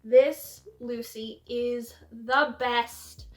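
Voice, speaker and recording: A woman's voice: fairly high pitch, fairly even intonation, drawn-out words, roomy sound. A young woman hosting a casual film discussion, gushing enthusiastically and acting out quotes. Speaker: film review host.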